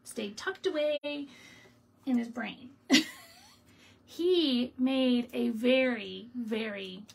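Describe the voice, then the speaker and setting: A woman's voice: fairly high pitch, extremely slow, vocal fry, husky, low-quality recording. A middle-aged woman hosting a casual crafting live stream, telling a story with frequent laughs. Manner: chatty storytelling, laughing often. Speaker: stamping demonstrator and show host. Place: home craft room.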